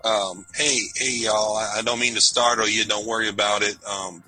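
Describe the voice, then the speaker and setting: Bright, husky, hesitant man. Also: fairly low pitch, fairly even intonation, faint music behind, rough recording. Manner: halting, hesitant, casual drawl. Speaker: player. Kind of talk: in-character tabletop play.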